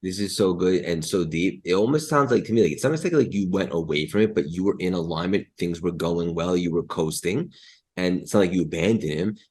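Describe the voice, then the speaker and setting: A man's voice: sits low, fairly quick, darkish tone. A man hosting a podcast who talks enthusiastically and casually, affirming his guest and often saying "like". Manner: enthusiastic, affirming, says "like" a lot. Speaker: podcast host.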